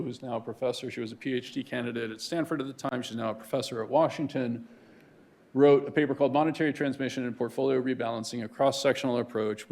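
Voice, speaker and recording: A man's voice: mid-range voice, creaky, darkish tone. A man giving a conversational lecture to a room of students as a guest speaker, often checking in with "right?". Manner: conversational, keeps asking "right?".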